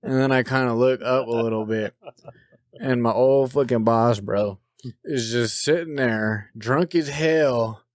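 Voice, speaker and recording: A man's voice: medium pitch, measured pace, no echo, clean studio sound. A man co-hosting a podcast, telling rambling crude stories full of swearing in casual chat. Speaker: podcast co-host.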